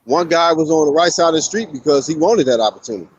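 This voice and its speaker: A man's voice: on the high side, lively intonation, quick pace, lo-fi sound, slight background noise. A man co-hosting a casual, profane chat, talking blunt and emphatic. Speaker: podcast co-host.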